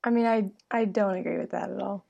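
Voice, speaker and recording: A woman's voice: mid-range voice, fairly even intonation, brisk, creaky, darkish tone, dull audio. A woman in casual chat, teasing her co-host in a dry way.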